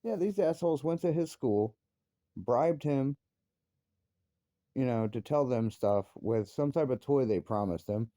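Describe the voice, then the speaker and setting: A man's voice: mid-range voice, expressive, measured pace, dark tone, no echo, clean studio sound. A man, a father, angrily ranting about his family with heavy swearing, his voice jumping up into outbursts. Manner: angry, profane, voice rising sharply into outbursts. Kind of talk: heated personal rant.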